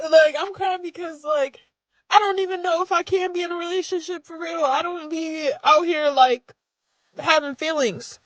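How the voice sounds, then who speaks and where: High crying vlogger woman laughing through it, dry close sound. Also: fairly even intonation, measured pace, pauses often, a bit bright, no room sound. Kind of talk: vlog.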